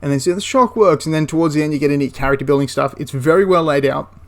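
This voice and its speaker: A man's voice: a little high, very fast. A man giving a casual, enthusiastic spoken review of a tabletop wargame, rambling into asides and restarting his sentences.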